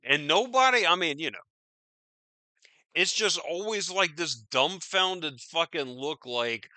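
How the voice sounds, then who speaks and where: Profane, slow-talking male podcast host. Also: a little high, lively intonation, pushed and bright, dry recording. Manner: profane, rambling, incredulous. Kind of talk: casual news commentary.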